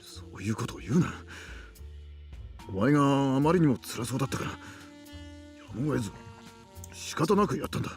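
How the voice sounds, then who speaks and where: A man's voice: medium pitch, big pitch swings, rapid-fire, pauses often, soft background music. A male voice actor playing an honest young man who turns curt and defensive when embarrassed, in a visual novel. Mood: flustered. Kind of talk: Japanese visual novel voice acting.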